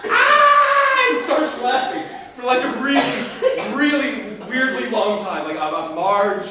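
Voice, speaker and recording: A man in a rambling, halting casual chat, often breaking into laughter. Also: very high voice, heavy background noise. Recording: echoey room from far off.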